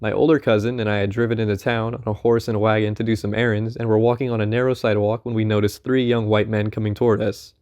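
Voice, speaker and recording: A man reading a first-person memoir aloud in an unhurried, conversational storytelling manner. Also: fairly low pitch, flat delivery, a little mellow, lo-fi sound. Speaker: audiobook narrator.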